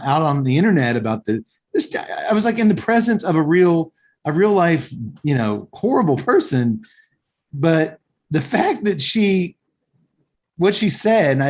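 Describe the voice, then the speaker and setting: A man's voice: fairly high pitch, normal speed. A man hosting a podcast, casually telling a story and acting out the people in it. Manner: animated, acts out voices. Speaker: podcast host.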